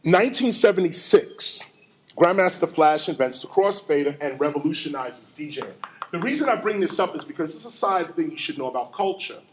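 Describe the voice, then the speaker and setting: A middle-aged man giving an animated storytelling lecture, acting out sounds and quotes. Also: a little high, a little fast, a little hiss or hum. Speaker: hip hop lecturer.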